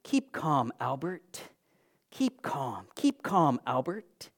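A man acting out a weary father in a supermarket, quietly telling himself to stay calm. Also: medium pitch, takes it slowly, close to an everyday voice. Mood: strained calm.

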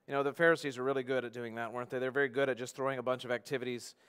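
An earnest male pastor delivers a sermon at a middle pitch. He climbs to loud, emphatic peaks, then drops to near-hushed tones as he presses his points home. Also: steady tone, racing, clear, resonant tone.

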